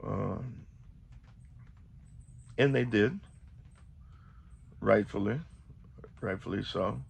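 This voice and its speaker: A man's voice: on the low side, very slow, vocal fry, breathy edge. A man vlogging, telling a story casually and animatedly, acting out the quotes.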